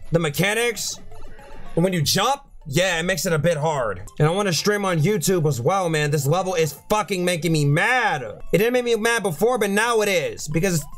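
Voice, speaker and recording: A man's voice: high-pitched, expressive, moderate pace, a bit bright, faint music behind. A young man streaming a video game, ranting and cursing in frustration as he plays. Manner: frustrated, swearing, repetitive ranting. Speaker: gaming streamer. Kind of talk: live game commentary.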